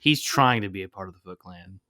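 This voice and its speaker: A man's voice: low-pitched, fairly quick, sharp tone, no echo, studio quality. A man co-hosting a podcast, chiming in with joking asides during a casual chat. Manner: joking interjections. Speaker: podcast co-host.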